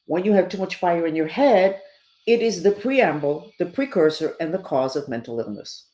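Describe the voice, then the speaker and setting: Hiccuping through her casual spiritual talk, a middle-aged podcaster addresses her audience in an emphatic, preachy way. Her fairly low, dark voice is animated and moves at a moderate pace, heard in an echoey room.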